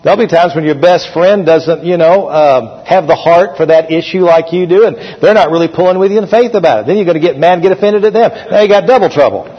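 Captured in a dull, echoey hall, this male pastor delivers a sermon with a fairly high, slightly breathy voice. He talks fast with few pauses, keeping it conversational and drawing responses from the congregation.

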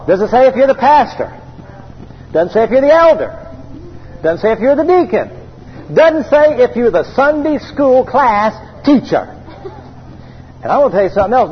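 A man's voice: sits high, big-room sound, dull audio, a little hiss or hum. A man preaching a sermon in a church, leading the congregation in call-and-response and repeating his phrases. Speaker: pastor.

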